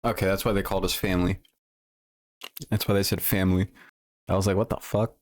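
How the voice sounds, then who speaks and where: A man's voice: sits low, flat delivery, fast talker. A man livestreaming casual commentary, rambling with lots of fillers and self-corrections, blunt and profane.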